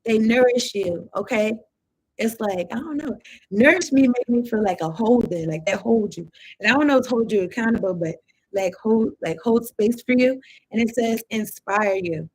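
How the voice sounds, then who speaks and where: A woman with a slightly high voice gives a laid-back tarot reading. She wanders from thought to thought and thinks out loud. Her speech is loose and slangy, with a few curse words. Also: expressive, normal speed, slightly rough, low-quality recording. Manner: rambling, thinking aloud, loose slang and swearing. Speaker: tarot card reader.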